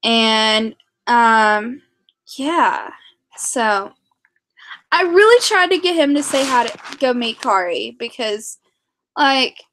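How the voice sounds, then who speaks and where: High-voiced, slow-talking young woman vlogger. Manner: rambling and excitable, with many fillers and restarts. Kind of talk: casual chat to camera.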